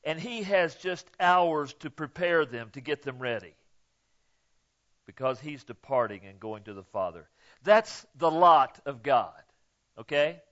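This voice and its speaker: Speaking a little slowly in a slightly high, expressive voice, this pastor delivers a folksy, emphatic sermon to his congregation. He keeps asking "okay?" and moves from hushed asides to loud, stressed lines. The recording's high frequencies are cut off.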